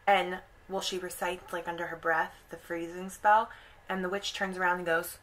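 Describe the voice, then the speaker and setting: A woman's voice: on the low side, little pitch movement, moderate pace, fairly bright tone, low-quality recording. A woman YouTuber casually retelling an opera's story, chatty with lots of "like" and "kind of".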